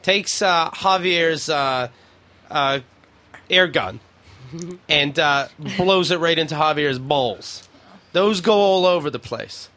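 Bright-voiced man telling a story. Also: a little high, takes it slowly. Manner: profane, animated storytelling with acted-out movie scenes. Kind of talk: casual chat.

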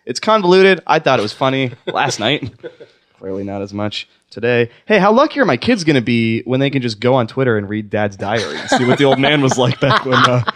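A man's voice: medium pitch, animated, brisk, a bit bright. A man hosting a comedy podcast, reading out his own jokes and mocking himself in casual chat. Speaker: podcast host.

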